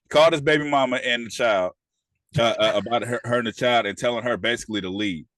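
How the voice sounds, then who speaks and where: A man's voice: medium pitch, quick pace, fairly bright tone, no room sound. A man co-hosting a casual TV review podcast, retelling scenes with profane slang and acting out the characters' lines. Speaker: podcast co-host.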